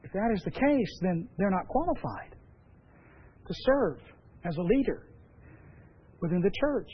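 A man preaching as pastor, emphatic and measured, with repeated phrases. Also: high-pitched, breathy edge, lo-fi sound. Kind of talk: sermon.

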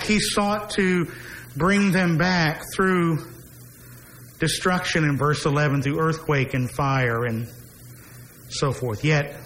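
A man delivers a sermon in a fairly high voice, slowing down and leaning hard on key phrases. He lets repeated refrains fall low and quiet. Faint noise sits under the recording. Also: rough recording. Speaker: preacher. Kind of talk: expository sermon.

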